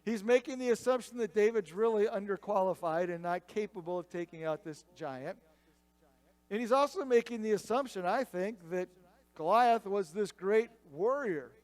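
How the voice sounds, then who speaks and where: A man's voice: high voice, a little mellow. A male pastor preaching a sermon, retelling a scripture story in a conversational way.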